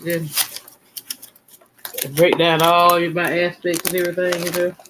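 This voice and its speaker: A man's voice: sits high, completely flat delivery, a little slow, background noise. A man hosting a casual livestream, talking in a rambling, emphatic and self-assured way, often repeating himself. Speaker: channel host.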